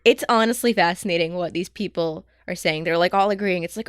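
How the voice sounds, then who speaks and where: A woman co-hosting a podcast in casual chat, animated and teasing, full of fillers. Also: lowish voice, fairly quick, smooth, dry recording, clean studio sound. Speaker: podcast co-host.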